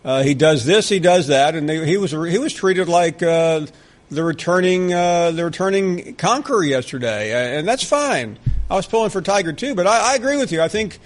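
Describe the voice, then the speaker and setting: A man's voice: fairly high pitch, lively intonation, normal speed. A man hosting a sports call-in radio show, talking in a wry, conversational way into a studio microphone.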